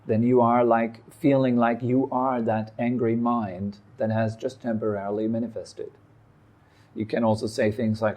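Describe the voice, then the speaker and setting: A man giving a meditation talk, calm and reflective, speaking in short phrases with pauses. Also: mid-range voice. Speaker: meditation teacher. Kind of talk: dharma talk. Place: meditation hall.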